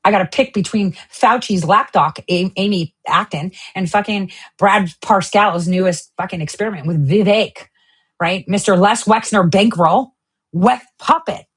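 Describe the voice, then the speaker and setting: A woman's voice: medium pitch, moderate pace, husky. A woman hosting her own online show, ranting angrily and swearing, jumping from one topic to the next. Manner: heated, swearing, jumps between topics. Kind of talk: angry political rant.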